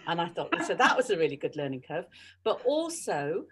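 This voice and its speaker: A middle-aged woman, a radio journalist, telling lively anecdotes in a podcast interview. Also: on the low side, brisk, a little hiss or hum. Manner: animated, mimics colleagues' voices. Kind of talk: storytelling interview chat.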